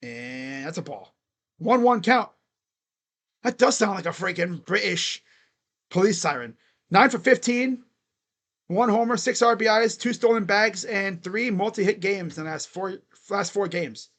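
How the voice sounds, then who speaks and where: A man's voice: sits high, expressive, unhurried, fairly bright tone. A young man doing casual live play-by-play of a baseball game, chatty and given to chanting and laughing. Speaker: live reaction play-by-play host.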